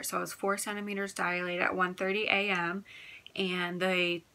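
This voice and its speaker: Bright-voiced young woman, chatty vlog storytelling. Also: on the low side, level tone, normal speed. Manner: chatty, candid, fills talk with "like". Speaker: vlogger. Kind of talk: casual personal storytelling.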